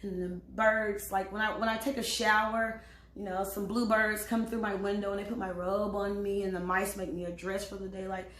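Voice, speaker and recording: A woman guest telling a dating story in casual chat, animated and profane, acting out her own and others' lines. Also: mid-range voice, normal speed. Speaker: podcast guest. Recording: echoey room with faint ambient noise.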